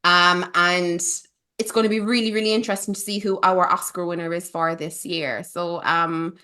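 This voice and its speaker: A woman's voice: lowish voice, fairly even intonation, normal speed, sharp tone. A woman hosting a casual film podcast, playful and teasing, with theatrical asides. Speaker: podcast host.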